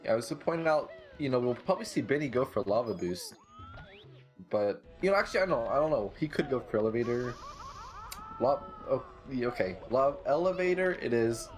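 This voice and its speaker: A man giving casual play-by-play commentary on a speedrun race, relaxed and full of fillers. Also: medium pitch, a little fast, soft background music. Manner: relaxed, lots of filler "like" and "you know".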